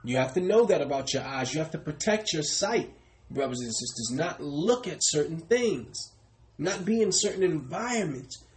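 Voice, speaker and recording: A man's voice: a little high, a little hiss or hum, low-quality recording. A man preaching a sermon, repeatedly addressing his listeners as brothers and sisters and calling on a reader to repeat verses.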